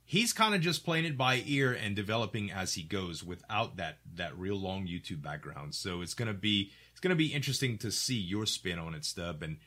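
A middle-aged man from Louisiana hosting a casual podcast chat, articulate and animated, acting out quoted lines. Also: deep voice, moderate pace, hardly any pauses. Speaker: podcast host.

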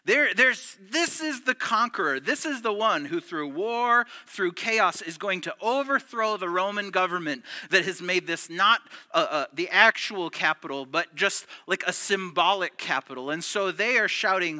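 A man preaching a sermon in a casual, animated way, his voice very bright and cutting. He sits high for a man and swings widely in pitch, dropping to near-whispers and then jumping back up loud. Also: normal speed, hardly any pauses. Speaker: pastor.

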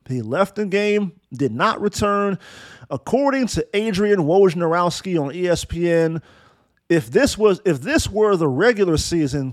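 On his casual basketball podcast, a man delivers a blunt, sarcastic sports rant, swearing and frequently restarting his sentences. His voice sits high, and the recording is dry.

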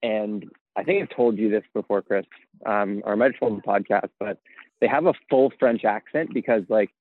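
A man's voice: lowish voice, moderate pace, no echo. A man chatting loosely as a podcast guest over a grainy remote line, laughing often. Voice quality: tinny, grainy audio. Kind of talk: casual chat. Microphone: remote call line. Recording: tinny phone-like remote call.

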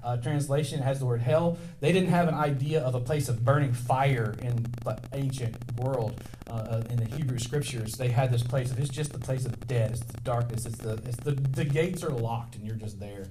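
A male pastor preaching a sermon in a conversational, animated way, inviting the congregation to respond. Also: mid-range voice, normal speed, background noise.

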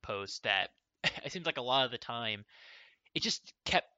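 A man's voice: medium pitch, expressive, measured pace, bright, forceful tone, no echo, dull audio. A young man hosting a casual interview, friendly and appreciative as he wraps things up with a player. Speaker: interview host for an online game.

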